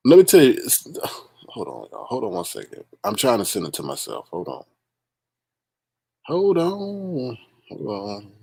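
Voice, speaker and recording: Gravelly, animated man hosting a livestream. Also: medium pitch, measured pace, pauses often, no room sound. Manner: exasperated, laughing, talks to chat as "y'all". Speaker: livestream host. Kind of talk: casual livestream chat.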